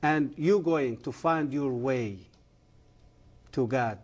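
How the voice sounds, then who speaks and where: A man's voice: mid-range voice, darkish tone. Earnest man preaching. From Egypt. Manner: earnest, emphatic, halting non-native grammar. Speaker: guest. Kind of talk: testimony and preaching on a TV interview.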